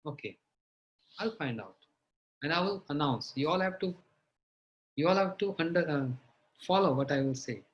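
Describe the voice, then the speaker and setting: A man's voice: on the high side, expressive, normal speed, long pauses, close to an everyday voice. Man voicing a blunt, mocking sage, slightly raised voice, lo-fi sound. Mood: calm. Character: bold sage, testing the gods.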